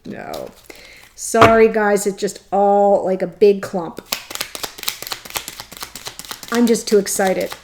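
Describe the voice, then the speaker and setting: Slow, emotional woman tarot reader. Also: medium pitch, fairly even intonation, noisy background. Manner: tearful, gushing, laughing through emotion. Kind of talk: emotional tarot reading to camera.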